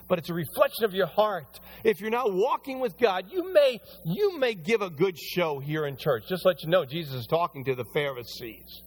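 A man preaching a sermon as pastor, animated, rising loud on emphasis and slowing down when reading scripture aloud. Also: fairly high pitch, slightly rough.

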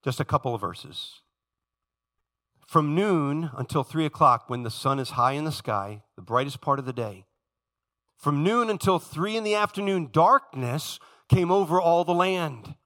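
A man preaching a sermon with passion, talking straight to his congregation and swinging from loud emphasis to hushed, low tones. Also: animated, measured pace. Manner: addresses congregation directly.

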